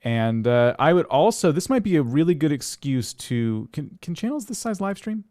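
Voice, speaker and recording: A man's voice: fairly high pitch, sing-song, normal speed, mellow, no echo, clean studio sound. A man co-hosting a casual livestream over a video call, joking dryly and a bit hesitant. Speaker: livestream co-host.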